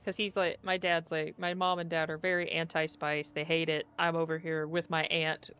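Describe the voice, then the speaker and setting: A young woman streaming as she plays, chatting casually and getting easily excited as she muses aloud. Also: deep voice, normal speed, clean tone. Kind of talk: casual stream chat while playing. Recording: dull lo-fi audio with faint music.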